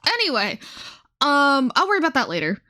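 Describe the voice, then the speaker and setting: A young woman in her twenties livestreaming, her voice pitched a little high. She barely opens her mouth to protect sore, blistered lips, which muffles her words a touch. She rambles chattily, with plenty of fillers and side remarks. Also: sing-song, fairly quick, pushed and bright. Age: 20s. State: sore blistered lips, talking with mouth held nearly closed. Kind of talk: casual chat stream.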